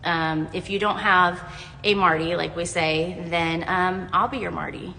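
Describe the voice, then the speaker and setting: A woman's voice: on the low side, normal speed, pushed and bright, a little hiss or hum. A middle-aged woman vlogger giving earnest, faith-based encouragement in a rambling, casual way with fillers. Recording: echoey room with long reverb.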